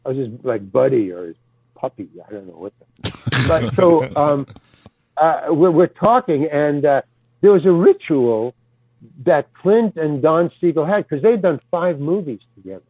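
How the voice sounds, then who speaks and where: An older man spins a lively anecdote in a loose, casual way, with a fairly high voice for a man. The sound is thin and phone-like, with no room echo at all. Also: moderate pace, breathy edge. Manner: animated storyteller, casual swearing. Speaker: guest actor. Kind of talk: storytelling anecdote in conversation. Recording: dry, tinny phone-like sound.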